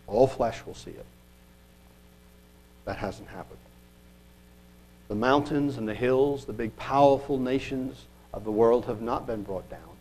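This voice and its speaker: A man with a husky, breathy voice delivers a sermon. He reads scripture aloud and asks the congregation rhetorical questions, earnest and often dropping to quiet asides. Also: mid-range voice, a little slow, low-quality recording. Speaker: preacher.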